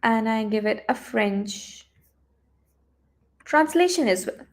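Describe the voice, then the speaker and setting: A woman teaching a live online coding lesson, talking her students through the screen with lots of fillers, restarts and thinking out loud. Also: a little high, lively intonation, slow pace. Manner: chatty, thinks aloud with many fillers and restarts.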